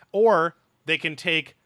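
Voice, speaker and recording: Profane animated man, dry sound. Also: fairly high pitch, no room sound. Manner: profane, animated, mocking impressions. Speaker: podcast co-host. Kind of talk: casual podcast chat.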